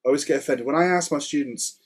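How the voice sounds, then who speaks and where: A man teaching Hebrew words in a relaxed Torah study conversation, chatty and quick to laugh. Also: on the high side, breathy edge. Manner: chatty, laughs often, explains word by word. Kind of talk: casual Torah study chat.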